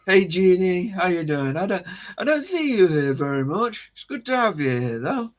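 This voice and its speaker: A man's voice: high voice, very animated, normal speed. A man hosting a casual live stream, rambling about history, correcting himself and chuckling as he greets viewers.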